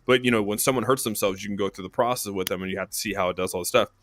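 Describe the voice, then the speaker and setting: A man hosting a podcast, swearing freely while he tells animated stories in casual chat. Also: lowish voice, racing, no room sound. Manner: profane, animated storytelling. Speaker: podcast host.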